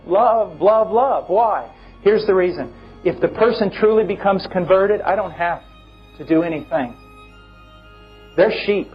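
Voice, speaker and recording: A man preaching a sermon with impassioned, emphatic delivery and big swings in pitch. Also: breathy edge, dull audio.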